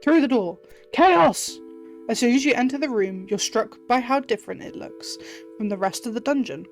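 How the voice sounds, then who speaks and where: A woman's voice: fairly high pitch, brisk, faint music behind. Woman streamer reading game text aloud. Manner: chatty, playful, puzzling things over.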